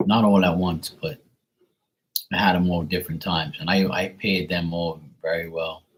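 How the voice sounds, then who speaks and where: On a rough recording, a middle-aged man with a low voice and moderate pace hosts a tarot livestream. He keeps things relaxed and chatty, welcoming viewers by reading their names.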